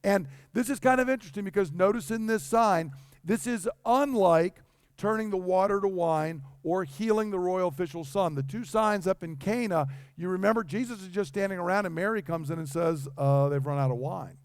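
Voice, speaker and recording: A man's voice: sits high, moderate pace, smooth, dry recording, studio quality. A man preaching a sermon in a conversational way, acting out the dialogue he quotes. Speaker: pastor.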